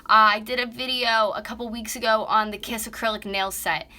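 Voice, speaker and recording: A North American beauty vlogger in her twenties, with a slightly high, steady, sharp voice at a fairly quick pace, rambles and swears bluntly during a casual nail-tutorial live stream. She works at a vanity in her warm bedroom, recorded by a phone camera propped up close.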